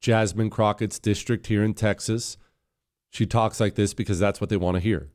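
Man hosting an opinion show, lowish voice, scornful and sarcastic. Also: fairly even intonation, moderate pace, a little mellow. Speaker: political commentary host. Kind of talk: opinion commentary.

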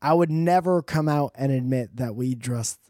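A man's voice: medium pitch, moderate pace, mellow, no echo, clean studio sound. A man doing a rambling, profane comedic monologue with joking asides.

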